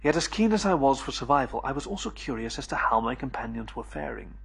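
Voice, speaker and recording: A man narrates a first-person adventure audiobook in a steady, measured storytelling way. His voice is breathy and husky, sitting at a middle pitch.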